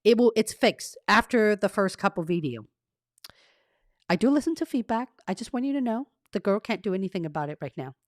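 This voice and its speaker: In a dry, studio-quality recording, a woman with an expressive mid-range voice talks fairly quickly. She's a career coach running a laid-back live stream from a carpeted home room treated to cut echo, chatting with viewers, reading their comments, and laughing at herself.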